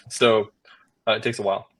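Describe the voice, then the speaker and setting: A man's voice: lowish voice, fairly even intonation, moderate pace, fairly bright tone. A man in casual live stream chat, rambling with many fillers and laughing easily.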